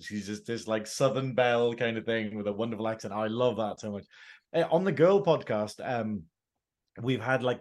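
An English man in casual podcast chat, reviewing a TV episode, laughing often and slipping into jokey put-on accents. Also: fairly low pitch. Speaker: podcast co-host.

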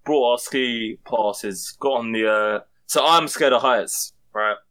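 A man's voice: mid-range voice, slow, a bit bright, clear, resonant tone. A young man, a podcast co-host animatedly telling a story among friends, swearing and laughing as he goes.

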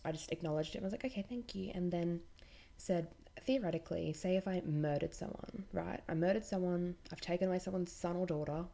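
Low, mellow-voiced woman telling stories. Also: vocal fry. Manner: chatty, blunt and irreverent, swears freely. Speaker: podcast host. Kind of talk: casual storytelling monologue.

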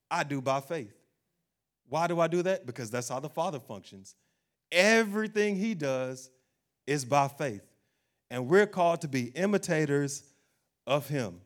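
Man, pastor, animated sermon, slightly high voice. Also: unhurried, pauses often. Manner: animated preaching, acts out doubting voices, laughs.

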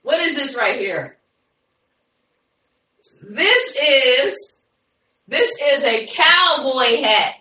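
A woman with a high, bright voice hosts a casual live podcast, talking to her listeners as y'all and laughing easily. Her voice is picked up from a distance in a roomy, echoey space. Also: very animated, extremely slow, long pauses, a little hiss or hum. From Ohio, USA. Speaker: podcast host.

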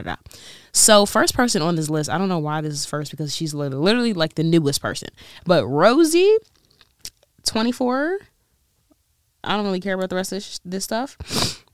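A woman's voice: low-pitched, smooth, no echo, clean studio sound. A woman vlogger chatting casually and rambling, laughing often and trying out a weak British accent. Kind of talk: casual chat.

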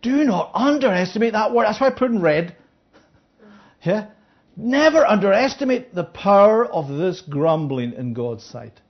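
On a dull lo-fi recording, a Bible teacher with a medium-pitched voice leads an interactive study at normal speed. He checks in with listeners by asking "Yeah?" and acts out the parable's speakers in lively voices.

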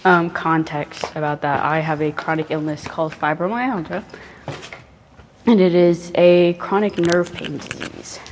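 Young woman, lowish voice, loose profane self-mocking chatter, close mic, faint hiss. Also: fairly even intonation, unhurried. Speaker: vlogger. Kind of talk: casual crafting vlog chat. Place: bedroom, painting on her bed.

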